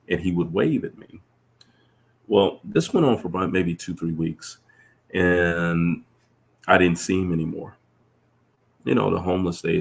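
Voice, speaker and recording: This guest is a male professor with a gravelly, deep voice. Chatting casually, he tells thoughtful stories in an earnest way, frequently stopping and beginning again.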